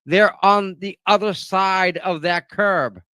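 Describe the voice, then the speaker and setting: Emphatic Boston man, bright voice. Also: sits high, steady tone, takes it slowly, clear, resonant tone, no echo. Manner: emphatic, repeats himself for punch. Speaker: guest. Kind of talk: casual livestream chat.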